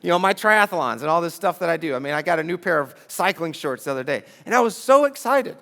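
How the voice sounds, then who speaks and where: High-voiced pastor preaching conversationally. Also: male voice, fast. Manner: conversational, animated preaching with rhetorical questions. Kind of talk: sermon. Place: church.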